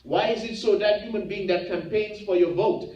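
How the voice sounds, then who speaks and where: A man's voice: sits high, normal speed. Man, imam, Friday sermon, impassioned, rhetorical questions, dull distant mic, echoey hall. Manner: impassioned, rhetorical questions, acts out the tyrants' boasts. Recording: roomy, muffled, mic at a distance.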